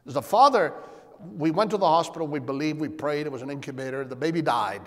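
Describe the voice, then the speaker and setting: A man preaching a sermon as pastor, asking rhetorical questions and calling for amens. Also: fast. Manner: animated, shifting pitch and volume. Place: church sanctuary. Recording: long hall reverb.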